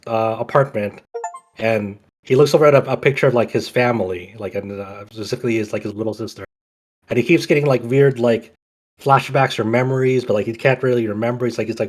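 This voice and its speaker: A man on a podcast casually retelling a game's story, rambling with many restarts and the odd curse. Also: medium pitch. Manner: profane, laid-back storytelling. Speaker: podcast co-host. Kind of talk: casual game recap.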